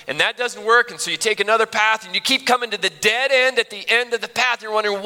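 Bright, lively male preacher in a reverberant hall. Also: high-pitched. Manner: earnest, conversational, with repeated restarts. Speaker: pastor. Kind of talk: sermon. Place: church sanctuary. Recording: long reverb of a large hall.

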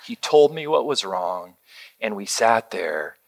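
A middle-aged man preaching a sermon, telling a family story in a conversational way and dropping to a soft hush when he quotes words of comfort. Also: lowish voice, big pitch swings, slow pace, vocal fry. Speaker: pastor.

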